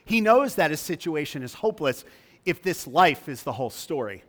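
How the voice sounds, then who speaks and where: A man's voice: on the high side, big pitch swings, normal speed, fairly bright tone. Man preaching in an echoing hall. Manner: emphatic preaching, rising when reading scripture. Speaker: pastor. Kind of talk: sermon. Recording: long reverb of a large hall.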